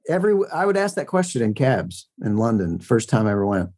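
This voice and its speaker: A man's voice: medium pitch, big pitch swings, brisk, few pauses, a little mellow. Middle-aged man, country singer guest; loose, chatty, self-mocking storyteller. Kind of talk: casual interview chat.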